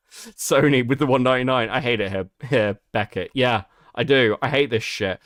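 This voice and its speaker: A man with a British accent hosting a live-stream commentary, swearing and mocking with loud outbursts. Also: medium pitch, big pitch swings, a little slow, dry recording, studio quality. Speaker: streamer host.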